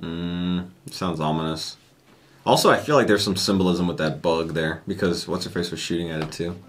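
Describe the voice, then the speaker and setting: A woman's voice: rumbling low, moderate pace. A woman co-hosting a reaction show, easygoing and chatting casually. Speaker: reaction channel co-host.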